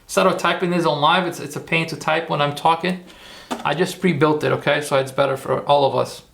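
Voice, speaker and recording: A man's voice: a little high, fairly even intonation, brisk, gravelly, fairly bright tone. A man hosting a casual tutorial livestream, rambling, repeating himself and talking to his chat. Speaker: livestream host.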